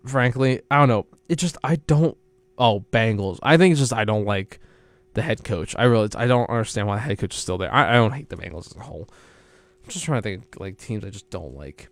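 A man's voice: lowish voice, expressive, brisk, dry recording. Young male college radio sports host, rambling and self-correcting, dry close mic. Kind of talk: casual solo sports talk.

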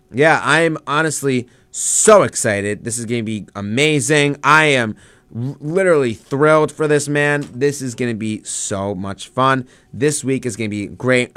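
A young man chatting casually as he watches wrestling live, excited and rambling with lots of fillers. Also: mid-range voice, smooth, no room sound. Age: young adult. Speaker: student vlogger.

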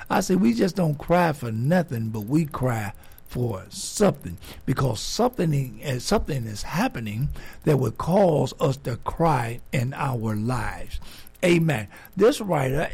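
A man preaching a sermon, starting low and quiet and building to a loud, raised delivery, peppering his lines with "amen.". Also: slightly rough.

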